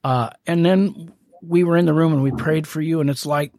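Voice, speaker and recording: A man with a slightly higher voice hosts a faith podcast, talking with eager warmth and plenty of fillers. The sound is dry and close, with no room echo. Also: fairly even intonation, normal speed. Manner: enthusiastic, rambling with fillers. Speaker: podcast host. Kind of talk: casual faith podcast chat.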